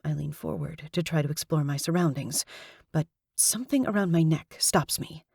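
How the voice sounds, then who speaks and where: A woman narrating an audiobook in the first person, measured and tense. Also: low voice, creaky, darkish tone, breathy edge, no echo, studio quality.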